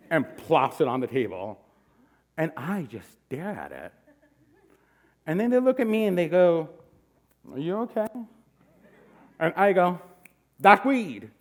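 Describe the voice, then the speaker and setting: A man in his forties telling a comic personal story live, in an animated, punchy and self-mocking way. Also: on the high side. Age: 40s.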